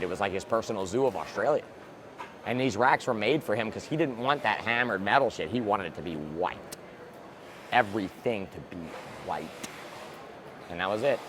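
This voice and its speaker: Man, reptile breeder guest, blunt, profane, excitable, casual chat, faint outdoor noise. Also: on the low side.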